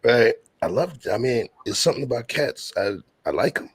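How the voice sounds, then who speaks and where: A man's voice: big pitch swings, normal speed, dry recording. A man from Brooklyn, hosting a laid-back streamed chat and telling stories in street slang. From Brooklyn, New York. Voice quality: deep, gravelly and husky. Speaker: show host.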